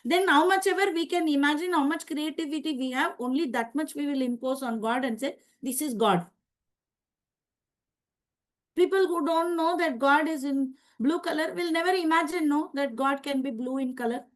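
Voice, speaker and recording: A woman with an Indian English accent and a high voice teaches a scripture class. She leads her listeners with parables and asks question after question as she explains. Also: a little fast, few pauses. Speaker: spiritual teacher.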